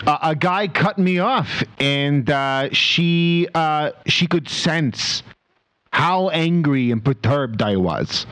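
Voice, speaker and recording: A man rambles and stammers through a comedy sketch as an awkward pet owner. His pitch sits a little high and swings widely when he gets worked up. He trips over his words with constant restarts. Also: animated, slow pace, a bit bright. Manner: hesitant and rambling, full of restarts; bursts into emotional crying outbursts.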